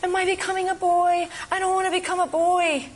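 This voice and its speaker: A woman voicing a frightened little girl who cries out to her mother in shrill, panicked pleading. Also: little pitch movement, brisk.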